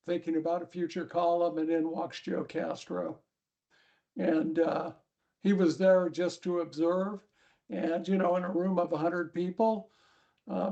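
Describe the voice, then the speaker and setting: A male columnist tells a story on a panel, pausing often as he goes. His voice is gravelly and mellow, and the recording sounds dull and lo-fi. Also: sits high. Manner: storytelling, many "uh" pauses. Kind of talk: panel discussion.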